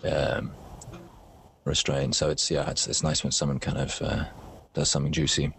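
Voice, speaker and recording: Male actor guest, low voice, casual and self-mocking, halting delivery. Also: completely flat delivery, vocal fry, a bit bright, slight background noise. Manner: self-deprecating, joking, with many restarts. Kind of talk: casual interview chat.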